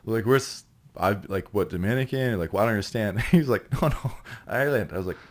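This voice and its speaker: A man's voice: lowish voice, brisk. A man from Canada, an actor and comedian guesting on a podcast, telling rambling stories in casual chat, laughing often and acting out the dialogue.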